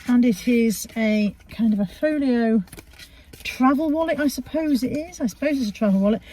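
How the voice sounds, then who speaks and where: A middle-aged woman sits in her car for a casual, chatty haul video, rambling about her charity shop finds with self-mocking humour. Her voice is a little high and warm, she speaks at a normal speed, and there's a slight hiss or hum.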